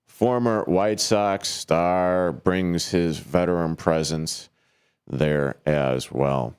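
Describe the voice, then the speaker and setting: A man hosting a live sports radio show on his own in a studio. He rambles and jokes with plenty of fillers and breaks into sudden high, yelped calls of players' names. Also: extremely slow, darkish tone, clear, resonant tone.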